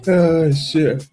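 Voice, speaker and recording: A man hosting a casual livestream who keeps breaking into laughter and loud exclamations between his remarks. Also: fairly high pitch, slightly rough. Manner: calls people "boy". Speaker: stream host.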